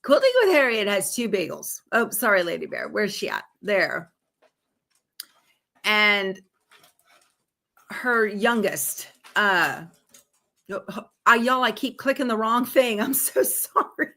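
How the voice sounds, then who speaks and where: A woman's voice: mid-range voice, sing-song, slow, vocal fry, pauses often, pushed and bright. A woman hosting a live sewing stream, chatting casually and reading viewer comments aloud. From Texas. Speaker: host of a live sewing show.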